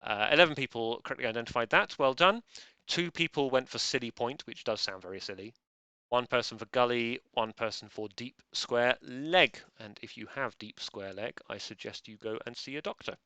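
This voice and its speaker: A man's voice: medium pitch, normal speed, pushed and bright, clear, resonant tone, dry recording, dull audio. A man hosting a live online quiz, joking drily and rambling. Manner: dry, rambling, self-deprecating jokes. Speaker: quiz host.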